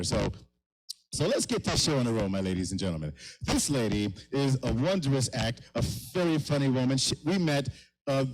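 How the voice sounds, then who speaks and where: A man's voice: medium pitch, poor audio. A middle-aged man hosting a live comedy show in a kava lounge, rambling and mocking himself with stumbling restarts.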